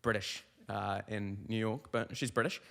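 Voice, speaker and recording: A man's voice: lowish voice, fairly even intonation, moderate pace, gravelly, fairly bright tone, in a large hall. A young adult man hosting a comic podcast monologue, telling rambling stories full of tangents. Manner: rambling, tangent-prone storytelling. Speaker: comedian host.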